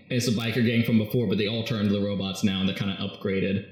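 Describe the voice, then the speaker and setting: A man in casual chat, animatedly retelling a comic story and slipping into quick quoted voices. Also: fairly low pitch, little pitch movement, darkish tone. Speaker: podcast co-host recapping a comic. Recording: echoey room.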